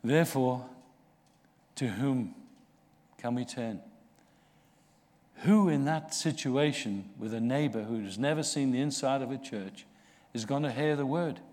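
A man preaching a sermon, slow and earnest, rising in force for emphasis. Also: medium pitch, a little mellow. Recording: long reverb of a large hall.

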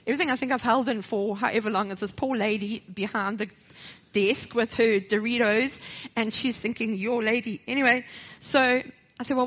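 A woman with a South African accent and a slightly high, husky voice shares a personal testimony at church, animatedly acting out the dialogue before shifting into a short sermon. The recording is dull and lo-fi.

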